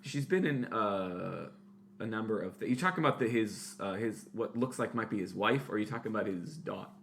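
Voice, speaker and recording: A man's voice: fairly low pitch, lively intonation, a little fast, creaky, a bit bright, a little hiss or hum. A man in his late thirties co-hosting a podcast, chatting casually and rambling with many fillers, restarts and casual swearing. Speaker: podcast co-host. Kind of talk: casual chat.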